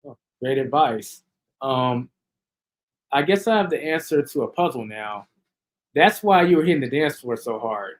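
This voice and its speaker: A man hosting a group video call, relaxed and teasing as he turns to the next guest. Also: mid-range voice, normal speed. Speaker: host.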